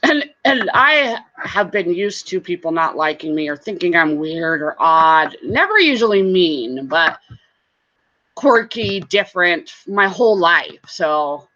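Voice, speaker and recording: Gal chatting on her livestream, bright voice, kinda muffled sound, laughs a lot. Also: fairly low pitch, big pitch swings, measured pace. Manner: chatty, greets viewers, laughs often. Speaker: vlogger hosting a livestream. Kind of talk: casual livestream chat.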